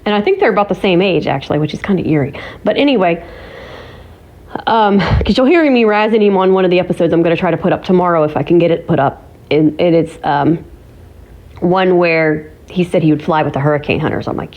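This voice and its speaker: A woman's voice: fairly low pitch, animated, moderate pace, long pauses, lo-fi sound. A woman from Ohio chatting casually to her viewers, giggly and teasing as she talks. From Ohio, USA. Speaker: vlogger. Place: home.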